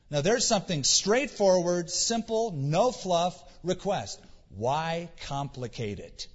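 A man's voice: a little high, big pitch swings, a little slow, hardly any pauses. A man preaching a sermon in a casual, conversational way, acting out quotes with mock voices. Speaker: pastor. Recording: dull sound with long hall reverb.

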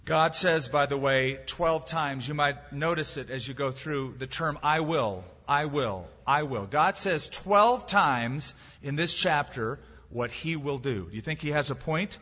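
Husky-voiced man preaching in a reverberant hall. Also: on the high side, animated, a little slow, sharp tone. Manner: emphatic preaching with rhetorical questions and dry humor. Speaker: pastor. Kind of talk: sermon. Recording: dull sound with long hall reverb.

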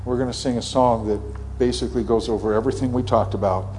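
A middle-aged man preaches in earnest, his medium-pitched voice steady and dark, over slight background noise. As a pastor, he leads an altar call and prayer and acts out Bible scenes in quick voices.

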